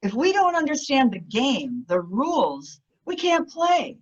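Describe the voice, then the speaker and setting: A woman giving an enthusiastic storytelling talk as a guest speaker, animated, laughing often, with many fillers. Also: high voice, measured pace, slightly rough. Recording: muffled lo-fi audio.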